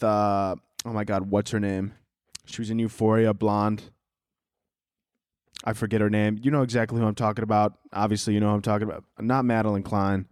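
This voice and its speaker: A man's voice: lowish voice, dry recording, studio quality. A young man hosting a podcast, with a rambling, profane comic monologue, often laughing at his own jokes. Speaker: podcast host. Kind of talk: casual comedic monologue.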